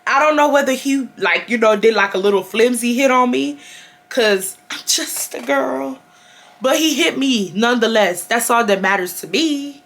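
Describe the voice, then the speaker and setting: A woman in her twenties from Houston, Texas, telling a high school story to her viewers in a casual, animated way with lots of slang and swearing. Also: normal speed, few pauses. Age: 20s. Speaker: storytime vlogger.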